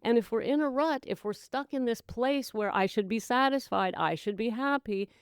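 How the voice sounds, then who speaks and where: A middle-aged woman hosting a sobriety podcast, giving an emphatic motivational talk that calls listeners "gals" and "my dear" and slips into hushed whispers. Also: fairly high pitch, normal speed, smooth, no room sound, clean studio sound. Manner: dramatic voices and hushed whispers for effect. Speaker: podcast host, sobriety coach. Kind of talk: motivational monologue.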